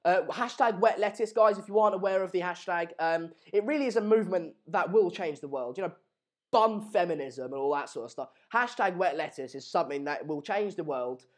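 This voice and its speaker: A young Englishman with a high voice talks fairly quickly while hosting a live football watchalong stream from a home room in Madrid. He reads out viewer comments and jokes around, rambling with lots of fillers and restarts.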